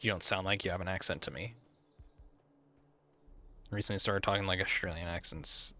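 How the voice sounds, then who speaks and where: A man's voice: deep voice, fairly even intonation, normal speed, sharp tone. An American man streaming a game, rambling and thinking aloud in casual commentary. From United States.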